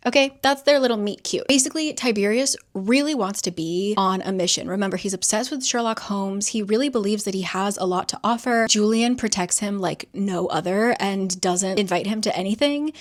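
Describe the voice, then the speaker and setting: A woman's voice: medium pitch, a little fast, few pauses. Chatty woman recapping a novel. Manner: chatty, full of "like" and swearing. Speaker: book recap host. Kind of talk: casual plot summary.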